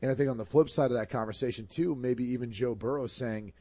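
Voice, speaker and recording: A man's voice: mid-range voice, fast, few pauses, warm tone, dry recording. A man co-hosting a casual sports talk show, giving confident, analytical takes.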